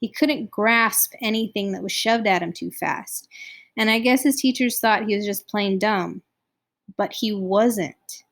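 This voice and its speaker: Woman, audiobook-style reading, expressive narration, medium pitch. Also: a little slow. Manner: expressive reading, voicing each character. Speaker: audiobook reader. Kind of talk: narrating a novel aloud.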